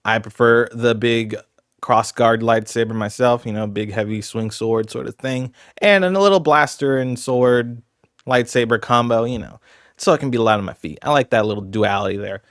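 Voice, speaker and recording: A man's voice: medium pitch, normal speed, fairly bright tone, no echo, studio quality. A man casually talking through his ranking of video games, rambling and conversational with lots of asides. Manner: chatty, rambling, fillers like "you know". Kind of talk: casual commentary.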